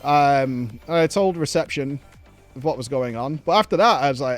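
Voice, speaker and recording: A man's voice: a little high, animated, fast talker, dry recording, soft background music. A man in casual chat, rambling through a story with frequent swearing and nervous laughs. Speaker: show host.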